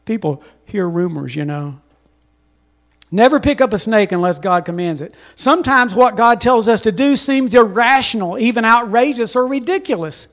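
A man preaching a sermon as pastor, telling stories with emphasis and calling on the congregation to respond. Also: sits high.

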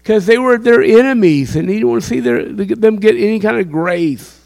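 A man's voice: high-pitched, lively intonation, normal speed, gravelly, a little mellow. A man preaching a sermon, impassioned and quizzing his listeners with questions. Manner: impassioned, asks the crowd questions.

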